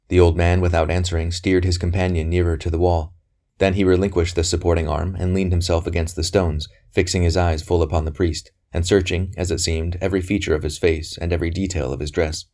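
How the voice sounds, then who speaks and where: A man reading a historical novel aloud in a measured, even storytelling manner. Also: sits low. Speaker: audiobook narrator. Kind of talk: scripted narration of a novel.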